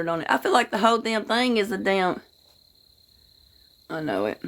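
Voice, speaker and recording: A woman in the middle of a relaxed livestream, chatting with viewers in a down-home, salty way. She greets people by name, curses without a second thought and drifts into long rambling stories. Her voice sits at an ordinary pitch for a woman. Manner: folksy, swears casually, greets viewers by name; tells rambling anecdotes. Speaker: livestream host. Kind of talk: casual livestream chat with viewers.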